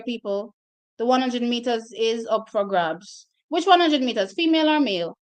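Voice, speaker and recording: A woman with a slightly high voice hosts her own track and field vlog. She chats loosely and directly to her viewers, reacting to each result with open feeling. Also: lively intonation, normal speed. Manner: chatty, addresses viewers directly, openly emotional. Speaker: track and field channel host. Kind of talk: casual vlog commentary on race results.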